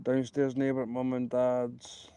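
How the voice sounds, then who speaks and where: A Scottish man hosting a casual live walking stream outdoors at night, chatting in a rambling, hushed way into his phone. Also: medium pitch, completely flat delivery, slow, clean tone. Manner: rambling, chatty, kept quiet. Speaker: livestream host.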